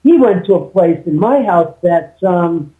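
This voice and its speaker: Male guest on a phone line, high-pitched, rambling storyteller full of restarts. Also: animated, measured pace. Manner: rambling with many restarts and quoted dialogue. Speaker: guest, homeowner. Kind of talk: casual interview storytelling.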